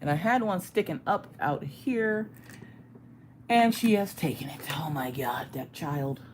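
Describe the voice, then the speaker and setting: Woman streamer, lively up-and-down voice, greets chat by name, swears casually. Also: low-pitched, unhurried, noisy background. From United States. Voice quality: ticklish cough in throat. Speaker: livestream host.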